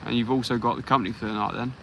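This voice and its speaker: An easygoing English man talks into a phone outdoors at night, hosting a live fishing stream from the shore and welcoming each viewer by name in casual chat as he fishes. He speaks rapid-fire in a mid-range voice that is bright and forceful yet steady. The audio is poor, with a faint hum in the background.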